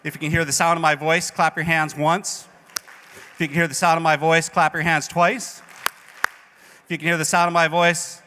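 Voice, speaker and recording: A man's voice: a little high, sharp tone. A man acting as emcee at a conference, directing a large live audience and rallying a noisy crowd. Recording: long hall reverb.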